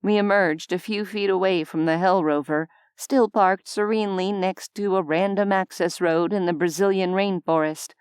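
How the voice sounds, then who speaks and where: A woman narrating a scripted audiobook in an unhurried, even storytelling manner on a close studio mic. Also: mid-range voice, clear, resonant tone, no echo.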